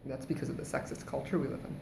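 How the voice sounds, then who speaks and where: Animated host telling stories in an echoey room. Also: racing, vocal fry, a little hiss or hum. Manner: animated storytelling, jumps into a high squeaky voice for quoted people. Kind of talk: casual chat. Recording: echoey room with faint ambience.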